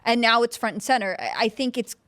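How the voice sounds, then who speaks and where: A woman's voice: on the high side, fairly bright tone, clear, resonant tone, no echo. Chatty woman co-hosting a panel show. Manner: playful, chatty, quick asides. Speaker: show co-host. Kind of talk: casual panel chat.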